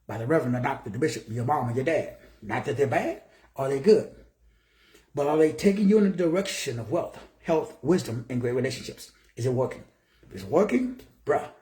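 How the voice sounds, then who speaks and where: His voice is fairly high yet dark in tone, bouncing around an echoey room. He's a sixty-something Texan delivering a motivational talk in his office, preaching with rhetorical questions and welcoming viewers by name.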